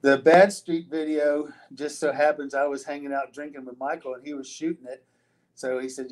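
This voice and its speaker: A man's voice: mid-range voice, little pitch movement, moderate pace, rough recording. An older man, a retired wrestler, answering interview questions in a loose storytelling way, with frequent restarts, fillers and casual swearing.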